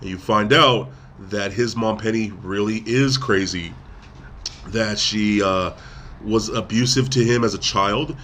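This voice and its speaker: A podcast host with a lowish, slightly bright voice rambles at a measured pace through a casual movie recap, acting out quotes along the way. There's a touch of background noise.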